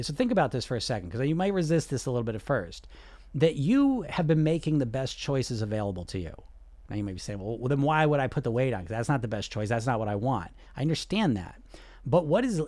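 A man's voice: mid-range voice, dark tone, no room sound. A man coaching the listener on emotional eating, talking straight to them in an earnest, reassuring way. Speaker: weight-loss coach. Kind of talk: direct-to-listener coaching talk.

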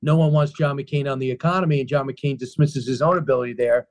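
A man being interviewed about his book, answering in an animated storytelling way, emphatic and full of restarts and repeated phrases. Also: mid-range voice, quick pace.

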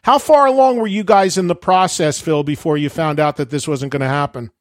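Male podcast host, higher register, upbeat bursty delivery, dry studio sound. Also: no echo. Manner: upbeat, talks in quick bursts with restarts. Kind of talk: casual radio-style interview.

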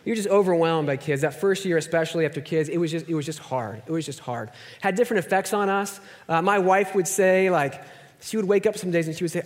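A man's voice: on the high side, brisk. A man in his thirties preaching a conversational, self-deprecating sermon, often dropping to a near-whisper for emphasis. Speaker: pastor. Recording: long hall reverb.

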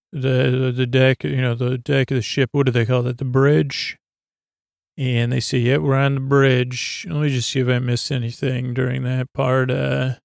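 A man's voice: medium pitch, vocal fry, clean tone, no room sound, studio quality. A man hosting a sleep podcast, rambling through a loose story recap with many fillers, restarts and lost threads. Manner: meandering, loses his place, many fillers and restarts. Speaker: podcast host.

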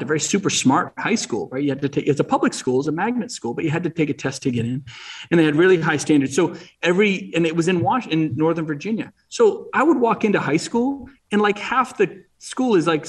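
A man's voice: a little high, husky, distant mic. A middle-aged man from New England, talking as an interview guest in a rambling way, with many restarts and fillers. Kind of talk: casual interview chat.

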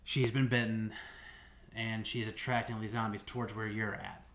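A man's voice: on the low side, flat delivery, normal speed, a bit bright. Rambling man recapping a game. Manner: rambling, restarts and many "like"s. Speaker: podcast co-host. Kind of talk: casual recap of a game story.

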